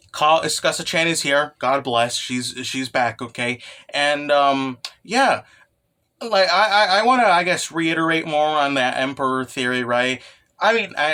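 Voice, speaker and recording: A man's voice: fairly high pitch, sharp tone. Rambling young man recapping a story. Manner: rambling, filler-heavy, tag questions. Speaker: manga recap host. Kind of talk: casual commentary.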